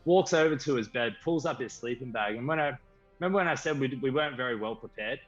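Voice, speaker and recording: An Australian man, a band member guest, telling a story with lively enthusiasm. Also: medium pitch, quick pace. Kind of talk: casual storytelling. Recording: slightly dull stream audio with faint music.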